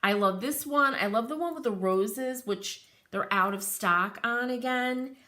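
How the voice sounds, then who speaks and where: A woman's voice: on the high side, a little slow, bright, forceful tone. A middle-aged American woman hosting a live crafting stream, talking in a chatty, rambling way and reading out viewer comments. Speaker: craft channel host.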